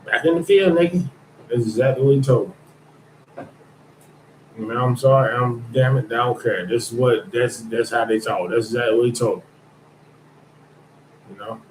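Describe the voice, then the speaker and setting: A man's voice: medium pitch, steady tone, moderate pace, slight background noise. Blunt, rambling man on a podcast. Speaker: podcast host. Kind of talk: casual podcast monologue. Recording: echoey room.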